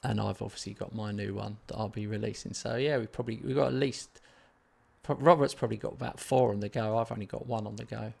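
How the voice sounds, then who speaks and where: A man hosting a casual gaming live stream, rambling and poking fun at himself as he reads out chat. His voice sits fairly low with a heavy, gravelly fry running through it. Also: steady tone, fast, a little mellow. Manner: chatty, rambling, self-mocking.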